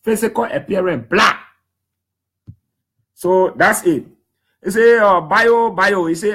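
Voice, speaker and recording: A man in his thirties with a Liberian English accent, telling stories to a public audience in an emphatic, lively way. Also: high-pitched, slow pace, long pauses. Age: 30s. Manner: lively, emphatic, slips into quoting others in put-on voices. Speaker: human rights defender speaking to the public. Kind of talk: animated storytelling talk.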